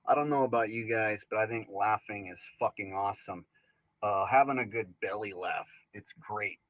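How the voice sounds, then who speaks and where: A man performing as a crude male stand-up comic in a recorded bit, swearing, mocking and building up to shouts. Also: lowish voice, dry recording, pitched below the performer's own voice, close to an everyday voice, low-quality recording. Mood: mock-earnest. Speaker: stand-up comedian.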